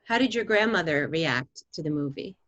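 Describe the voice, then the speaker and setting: A woman conducts a casual interview, asking curious, friendly questions. Her voice sits on the low side for a woman. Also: expressive, normal speed, fairly bright tone, muffled recording.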